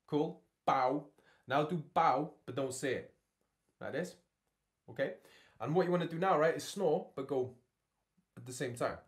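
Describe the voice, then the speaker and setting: A man's voice: on the high side, unhurried, long pauses, a little hiss or hum. A man teaching a beatbox workshop from his home studio. He keeps checking in with his learners with "yeah?" and "okay?". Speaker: beatbox tutor.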